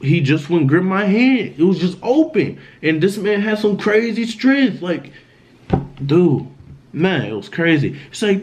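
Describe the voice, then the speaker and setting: A man's voice: fairly high pitch, big pitch swings, unhurried, background noise. A man telling a dramatic story in a casual storytime vlog, in loose slang, often repeating himself. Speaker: vlogger.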